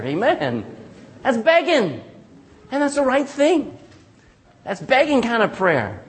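A man pastor preaching a sermon, animated and calling out for "amen" from the congregation. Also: very high-pitched, normal speed. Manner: animated preaching with frequent call-and-response "amen".

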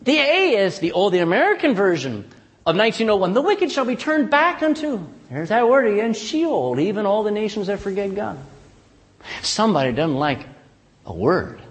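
A male preacher with a high, strongly swinging voice delivers a sermon in a folksy, animated way and keeps tossing "amen?" back to the pews. His voice rings through a church with a long, lingering reverb. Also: moderate pace.

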